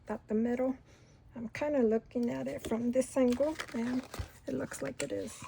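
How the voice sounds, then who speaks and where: A middle-aged woman hosting a crafting video, chatting unhurriedly and rambling through a story while she works, sometimes going soft and near-whispery. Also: high voice, fairly even intonation, moderate pace, vocal fry, a little hiss or hum. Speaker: craft channel host. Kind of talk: casual crafting tutorial chat.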